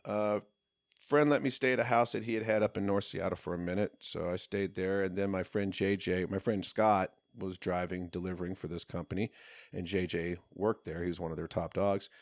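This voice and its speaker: A man telling a long personal story in casual podcast talk, profane and animated, sometimes shouting as he relives moments. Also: low-pitched, fairly quick, dry recording, clean studio sound. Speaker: podcast guest.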